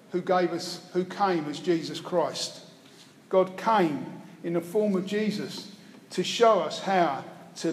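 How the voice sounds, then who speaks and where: A man's voice: a little high, a little mellow. A man preaching a sermon, retelling a Bible story with wry storytelling asides. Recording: echoey hall, faint room noise.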